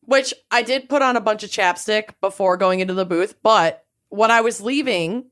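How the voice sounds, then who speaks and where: A woman's voice: mid-range voice, normal speed. A woman in her thirties co-hosting a casual podcast, telling stories in a chatty way and swearing as she laughs along. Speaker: co-host. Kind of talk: casual chat. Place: home studio, video recorded.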